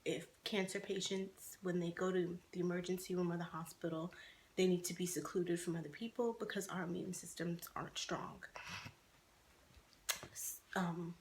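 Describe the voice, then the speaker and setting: A woman's voice: fairly low pitch, a little hiss or hum. A woman in her twenties telling her own life story to the camera, speaking candidly with many fillers and restarts. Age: 20s.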